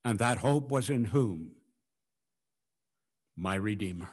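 A man preaching a sermon, swinging from hushed, drawn-out phrases to loud, ringing declarations as he acts out scripture. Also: lowish voice, lively intonation, slightly rough. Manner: dramatic swings from hushed to loud, acting out quotes.

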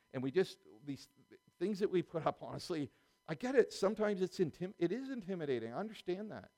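A man's voice: fairly high pitch, darkish tone. A middle-aged man preaching a sermon in a conversational way, full of restarts and small chuckles.

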